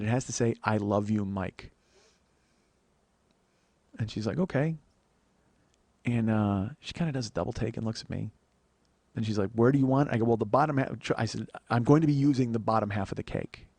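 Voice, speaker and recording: Here a man with a lowish voice recorded with no room sound tells a long, funny podcast story full of swearing. He acts out both speakers in the dialogue, storytelling with lots of energy and bursts of laughter.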